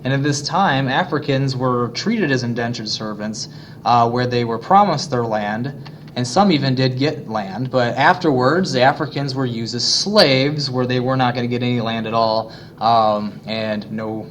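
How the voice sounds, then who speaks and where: A man's voice: medium pitch, normal speed, a little hiss or hum. Casual male teacher explaining history. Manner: casual, many fillers, plays voices of colonists. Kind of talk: classroom lesson narration.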